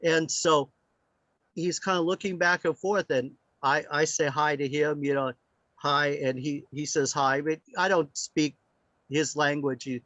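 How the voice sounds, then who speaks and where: A man telling a casual story as a guest speaker on sound healing. He talks in animated anecdotes with many fillers. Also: a little high, a little slow, dry recording. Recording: dry, slightly muffled lo-fi audio.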